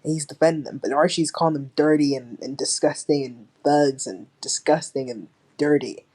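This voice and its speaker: A woman's voice: low voice, normal speed, slightly rough. A woman co-hosting a podcast, chatting casually and profanely about a TV show and acting out the characters' lines. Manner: animated, profane, acts out characters in quotes. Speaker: podcast co-host. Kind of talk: casual chat recapping a TV show.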